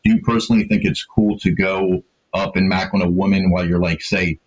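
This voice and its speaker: A man's voice: low-pitched, steady tone, brisk, husky, lo-fi sound. A man hosting an interview, asking long rambling questions and dropping short agreements. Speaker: interview host.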